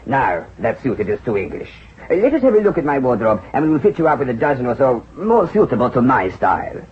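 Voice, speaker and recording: A man voicing a flamboyant, smooth-talking financier who rolls his words out grandly, his pitch swooping up and down as he charms and coaxes. The dull old radio drama recording has a faint hiss. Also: quick pace, natural voice. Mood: persuasive. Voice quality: expansive, persuasive, lively intonation. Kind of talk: vintage radio drama acting.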